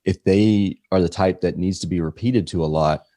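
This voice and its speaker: A man with a very low voice hosts a podcast. He asks his questions casually, rambling and restarting. The sound is dry and close. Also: normal speed, mellow, no echo. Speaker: podcast host.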